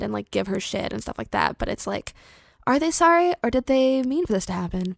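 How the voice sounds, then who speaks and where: A young woman podcast host casually pitching a horror story, chatty and animated with lots of filler words. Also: normal speed, gravelly, dry recording, clean studio sound.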